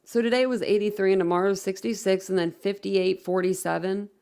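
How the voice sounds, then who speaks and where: A woman hosting a casual livestream, chatting loosely with her viewers. She rambles, corrects herself and leans on fillers as she reads comments aloud. Her voice sits at a middling pitch with a gravelly, fry-heavy edge. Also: fairly even intonation, fairly quick, a little mellow. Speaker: livestream host. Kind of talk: casual live-stream chat, reading viewer comments.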